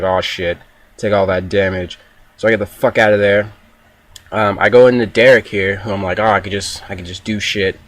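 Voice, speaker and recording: A man's voice: lowish voice, a bit bright, no room sound. A young man giving casual, profane play-by-play commentary over his own gameplay video.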